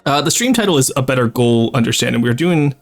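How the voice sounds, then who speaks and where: A man's voice: medium pitch, animated, fast talker, soft background music. A French Canadian man streaming a strategy game, rambling and chatty, swearing freely and laughing often. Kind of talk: casual live-stream chat with game commentary.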